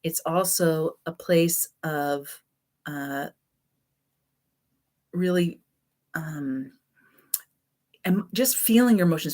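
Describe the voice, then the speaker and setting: A woman with a low voice teaches a class in a relaxed, chatty style. Her speech is loose, full of fillers and restarts, like casual spoken instruction.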